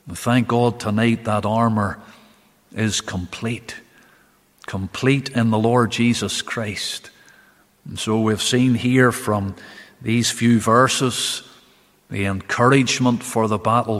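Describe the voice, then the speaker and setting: Preacher in a reverberant empty church. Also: male voice, medium pitch, fairly even intonation, a bit bright. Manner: emphatic, slow, rising on key phrases. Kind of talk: midweek Bible study sermon. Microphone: camera recording for online viewers.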